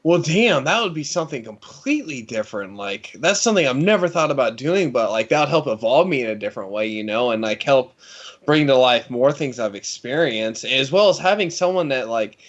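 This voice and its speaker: A man's voice: mid-range voice, animated, a little fast. A man who is a guest on a livestream, talking earnestly about his life, swearing and saying dude a lot. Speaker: guest occultist. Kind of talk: casual livestream chat. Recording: dull lo-fi stream audio.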